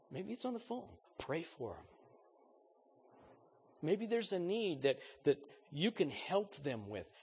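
A man's voice: medium pitch, a little hiss or hum. A man preaching a sermon in an earnest, conversational way, putting questions straight to his congregation.

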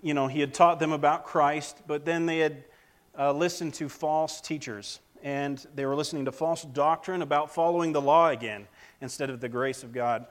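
A man's voice: a little high, fairly even intonation. Plainspoken man preaching a sermon. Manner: plainspoken, halting, many fillers and restarts. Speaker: lay preacher.

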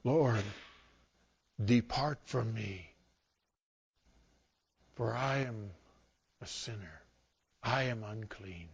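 A preacher doing a hushed, awed fisherman. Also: a little high, very animated, takes it slowly, pauses often, breathy edge, muffled recording, full character voice. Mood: reverent. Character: awed male fisherman disciple, humbled.

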